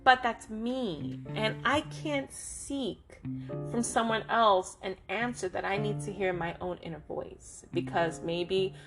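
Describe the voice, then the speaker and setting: A woman's voice: mid-range voice, slow pace. A woman giving a casual motivational talk straight to her listeners, earnest and direct, often checking in with "okay?" and "right?". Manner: talks with lots of "okay?" and "right?" check-ins. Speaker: motivational speaker. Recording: guitar music playing behind the voice.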